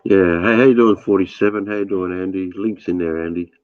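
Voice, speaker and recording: Deep-voiced man with a stuffy nose. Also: fairly even intonation, fairly quick, no echo. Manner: easygoing, hesitant with fillers. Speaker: streamer hosting voice chat. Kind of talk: casual chat. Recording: slightly dull mic with faint noise.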